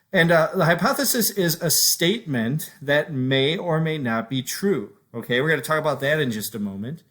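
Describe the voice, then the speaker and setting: A man with a slightly higher voice talks through a math lesson. He sounds conversational, thinking aloud as he works through examples for his class. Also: a bit bright. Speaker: teacher.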